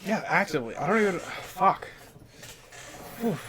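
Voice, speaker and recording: A man co-hosting a podcast in casual chat, with loud, excitable banter full of swearing. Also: high-pitched, a little slow, crowd noise. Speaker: podcast co-host.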